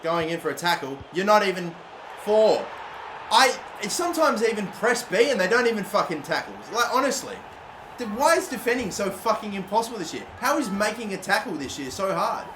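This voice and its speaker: A young man commentating his own football video game, swearing constantly and bursting into loud, frustrated outbursts. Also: high-pitched, very animated, a little fast. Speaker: gaming YouTuber. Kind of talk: live gameplay commentary. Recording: echoey room, faint background noise.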